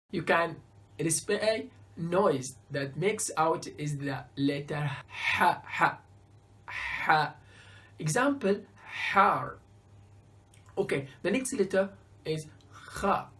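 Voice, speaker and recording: A woman teaching a beginners' alphabet lesson, carefully sounding out each letter and example word. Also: on the low side. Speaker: Arabic teacher.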